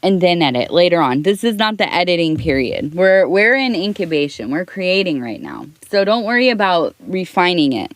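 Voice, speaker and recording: A middle-aged woman giving a soft-spoken ASMR tea leaf reading, rambling and talking in circles, close to the mic. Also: lowish voice, big pitch swings, normal speed, few pauses, no room sound. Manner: rambling, talks in circles with restarts.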